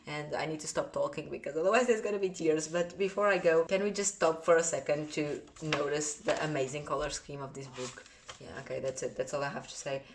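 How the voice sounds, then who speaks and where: A woman with a Portuguese accent, talking to camera in an earnest, chatty book vlog and often trailing off. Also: deep voice. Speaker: book vlogger. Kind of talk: casual vlog talk to camera. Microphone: phone or camera on a tripod.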